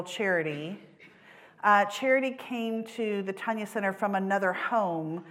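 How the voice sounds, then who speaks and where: A woman giving an earnest personal testimony in a church service, telling stories with many ums and self-corrections. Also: medium pitch. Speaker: church mission supporter.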